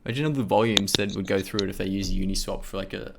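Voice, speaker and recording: Man host, relaxed and jokey, slightly low voice, casual chat. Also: very fast, creaky, noisy background. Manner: loose, jokey, lots of filler "like". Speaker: podcast host. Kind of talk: casual crypto discussion.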